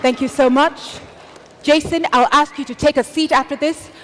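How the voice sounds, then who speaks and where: High-voiced, energetic woman emcee. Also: normal speed, a little hiss or hum. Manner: energetic, hyping the crowd, shouted announcements. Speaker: event emcee. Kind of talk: live awards ceremony hosting. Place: stage of a large live event.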